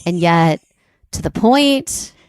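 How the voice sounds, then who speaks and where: A woman's voice: fairly low pitch, animated, smooth, no room sound. A woman co-hosting a podcast, chatting casually, teasing and reacting to her partner. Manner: teasing, quick to laugh, reactive listener. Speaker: podcast co-host. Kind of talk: casual chat.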